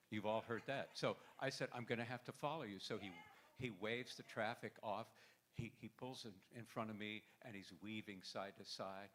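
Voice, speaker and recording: A man's voice: fairly low pitch, moderate pace, a bit bright. Wry man telling a story at a memorial. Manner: wry, anecdotal, with stammering restarts. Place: event hall with audience.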